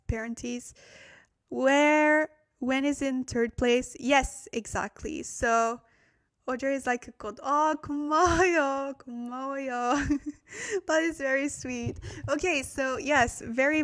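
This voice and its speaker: Chatty high-voiced woman teaching Korean. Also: fairly bright tone. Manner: chatty, laughs often, reads out viewer chat. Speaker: Korean language teacher and livestream host. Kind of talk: casual livestream lesson.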